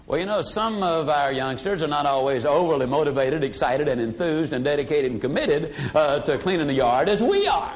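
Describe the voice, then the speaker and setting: An older man giving a sales seminar talk, acting out customers' voices and dropping his voice low for effect. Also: animated, brisk, hardly any pauses. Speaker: sales trainer.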